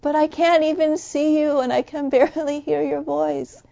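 A woman voicing children at the foot of a hill, shouting up in pleading. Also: high voice, level tone, normal speed, creaky, dull audio, pitched above the performer's own voice. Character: children at a hill's foot, longing.

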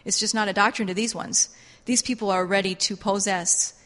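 A woman's voice: mid-range voice, fairly even intonation, a little fast, a bit bright. A woman teaching a Bible class in a fervent, repetitive preaching style. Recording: long hall reverb.

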